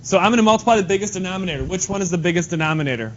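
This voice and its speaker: A male math teacher giving a lively, joking lesson to his class in a classroom. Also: sits high, very fast. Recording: dull lo-fi classroom recording with faint noise.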